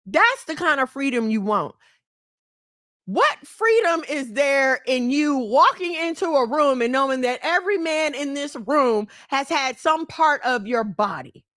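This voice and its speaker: Addressing women directly, this animated, middle-aged channel host lectures in a blunt, scolding tone, breaking into laughter easily. Her high voice is recorded close and dry, with no room sound.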